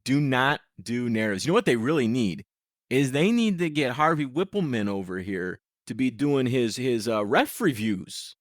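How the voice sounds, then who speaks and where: Guy cohosting a wrestling podcast, jokey and sarcastic, pitch all over the place. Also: normal speed, no room sound, studio quality. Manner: sarcastic, animated joking. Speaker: podcast co-host. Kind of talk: casual wrestling recap chat.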